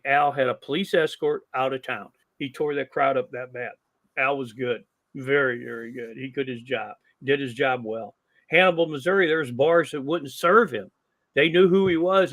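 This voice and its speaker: An older man, a longtime wrestling promoter, telling anecdotes on a podcast and acting out the dialogue as he goes. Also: medium pitch. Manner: animated storyteller who acts out quoted dialogue. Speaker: guest, longtime wrestling promoter and ring announcer. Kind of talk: casual podcast storytelling.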